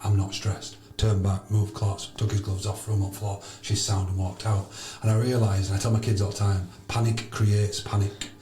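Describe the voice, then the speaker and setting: A man, a podcast guest telling stories loudly and bluntly, swearing freely. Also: sits low, level tone, fairly quick, few pauses. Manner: loud, blunt, emphatic. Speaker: podcast guest, charity founder. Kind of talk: animated storytelling with swearing. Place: sauna. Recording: roomy echo.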